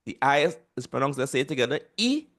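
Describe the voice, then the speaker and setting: A man's voice: mid-range voice, fairly even intonation, racing, a bit bright. Trinidadian man teaching over a video call. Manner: patient, repeats sounds for students to echo. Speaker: language teacher. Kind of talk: online class instruction.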